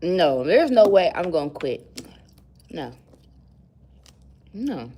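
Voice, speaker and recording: A woman's voice: on the low side, sing-song, slow pace, mellow, husky. A young woman vlogging at work, chatting casually and musing aloud as she rambles from thought to thought. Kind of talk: casual chat to camera.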